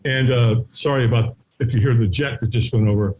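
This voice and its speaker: A middle-aged man telling a story as an interview guest, acting out the voices of people in it and sometimes shouting. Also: medium pitch, fairly even intonation, a little fast. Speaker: guest, firewalking instructor. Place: his home.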